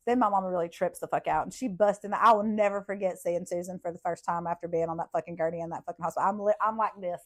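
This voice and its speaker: A woman, a podcast host telling childhood stories in a blunt, profane, animated way. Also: fairly low pitch, very fast, few pauses. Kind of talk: casual storytelling.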